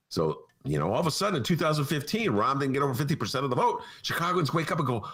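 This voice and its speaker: Male studio host, mocking and sarcastic; very animated, sweeping intonation. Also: medium pitch, fast talker, husky. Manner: sarcastic, mocking, does voices of politicians. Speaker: podcast host. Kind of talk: opinionated political talk. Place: radio studio.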